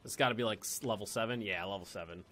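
A man with a fairly low, sharp-toned voice talks fast while streaming a strategy game as a let's-play streamer. His commentary is casual, chatty and playful, peppered with swearing and repetition as he thinks.

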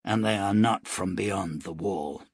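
A hard-bitten frontier gunman who speaks quietly and matter-of-factly in short, clipped lines, as a male narrator puts him on. His voice is low and husky. It is recorded close and dry. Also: unhurried, no room sound, exaggerated voice.

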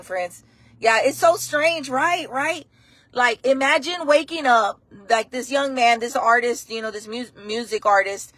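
A woman's voice: on the high side, fairly bright tone, no echo. A woman hosting a casual live stream, chatting and rambling to her viewers, often repeating herself.

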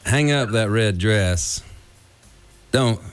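A man doing an impression of a laid-back, flirty Texan man with a slow drawl. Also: lowish voice, animated, clean tone, soft background music. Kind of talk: impression on radio.

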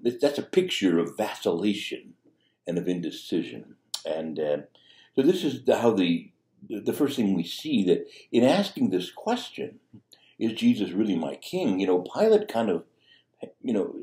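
A man's voice: on the low side, dark tone. A man preaching a sermon as a priest, talking conversationally with fillers and restarts. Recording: echoey room.

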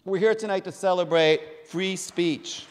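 A man hosting a public reading, welcoming the audience in a measured, declamatory way. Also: sits high, slight background noise. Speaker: host opening a public reading. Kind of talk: dramatic recitation of quotations, then a welcome address. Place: large public hall, on stage. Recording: long hall reverb from a stage mic.

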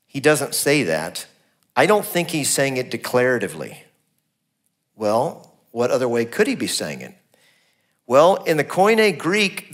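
A middle-aged man preaching a sermon in a conversational way, acting out the lines he quotes with changes in pitch and loudness. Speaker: pastor.

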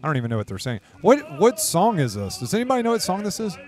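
A man giving casual reaction commentary over a film, excitable and swearing freely. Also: high voice, fast talker. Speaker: YouTuber reacting to a video. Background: movie soundtrack music playing.

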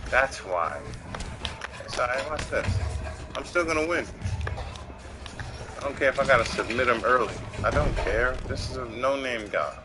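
A man's voice: medium pitch, lively intonation, normal speed, pauses often, over music. A young man casually commenting on his own fighting game career, often frustrated and swearing to himself. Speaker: gamer playing a fighting game career mode.

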